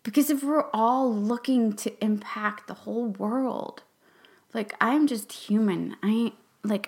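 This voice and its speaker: A young adult woman hosting a podcast, talking in an earnest, halting and emotional way, sometimes dropping to a whisper for emphasis. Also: on the high side. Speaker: podcast host and class facilitator. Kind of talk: reflective podcast monologue.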